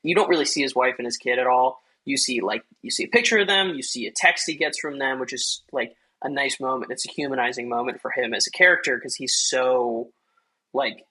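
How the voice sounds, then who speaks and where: A man chats loosely about a film on a podcast, his voice forceful and bright with a husky edge. He rambles through plenty of fillers and breaks into acted-out quotes. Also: medium pitch, a little fast, rough recording. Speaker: podcast host. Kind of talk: casual film review chat.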